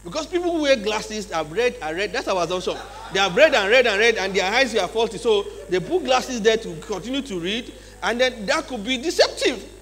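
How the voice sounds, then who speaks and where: Bright high Nigerian man lecturing a hall. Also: a little fast, few pauses. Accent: Nigerian English. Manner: lively, checks in with the audience; acts out examples in changed voices. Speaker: leadership seminar speaker. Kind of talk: motivational seminar talk. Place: large church hall. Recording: long hall reverb, faint mains hum.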